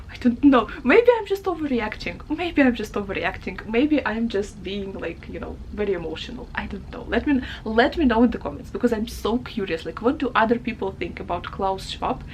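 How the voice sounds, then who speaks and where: A woman's voice: medium pitch, slight background noise. A woman book vlogger chatting casually to camera, emotional and talkative, often laughing and restarting her sentences.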